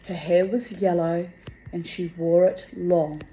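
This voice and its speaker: A woman reads a fantasy story aloud. Her delivery is slow and measured. Her voice is mellow and relaxed. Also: fairly low pitch, rough recording. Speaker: reader. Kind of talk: storybook reading.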